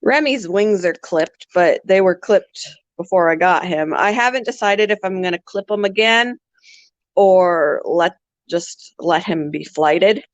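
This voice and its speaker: A woman's voice: fairly low pitch, a little slow, no echo. A woman hosting a pet channel, chatting casually on a livestream, laughing often and answering viewer comments. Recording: dull lo-fi sound.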